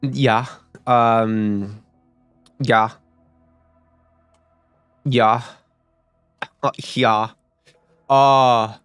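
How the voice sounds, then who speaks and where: A man's voice: mid-range voice, vocal fry, a bit bright, no echo. A young man giving casual, rambling commentary while playing a game, swearing often and restarting his sentences. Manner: rambling and profane, with many fillers and restarts. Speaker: gaming streamer.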